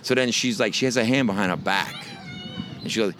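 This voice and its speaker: A man's voice: fairly low pitch, a little fast, a bit bright. A middle-aged man from the Bronx with a New York accent, telling a rambling, profane story as a guest. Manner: rambling and profane, many restarts. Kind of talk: casual storytelling. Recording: noisy background.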